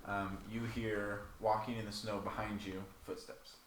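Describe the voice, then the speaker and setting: A man runs a tabletop game, describing the scene in casual phrasing dotted with "um" and "like." His voice sits on the low side. The room is echoey, with a faint hiss behind it. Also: flat delivery, a little slow. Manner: casual narration, with frequent "um" and "like". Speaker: game master.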